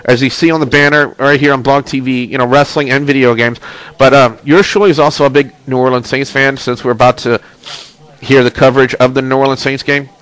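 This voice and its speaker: A man's voice: mid-range voice, fairly even intonation, a little fast, fairly bright tone, clear, resonant tone, rough recording. A man hosting a casual wrestling and gaming webcast, congested with a stuffy nose, chatty as he plugs links and reads the chat. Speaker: host of a wrestling and video game webcast. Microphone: webcam mic.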